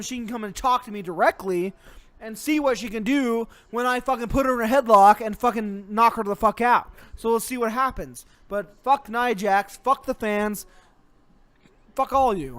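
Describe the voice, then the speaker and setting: Really high-pitched guy doing an angry sweary comedy rant, all mock tough-guy threats. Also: a bit bright. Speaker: host.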